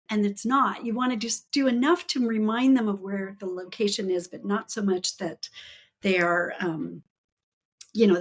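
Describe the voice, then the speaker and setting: Woman, author guest, husky breathy tone, mid pitch, eager storytelling, laughs often. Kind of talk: casual interview chat.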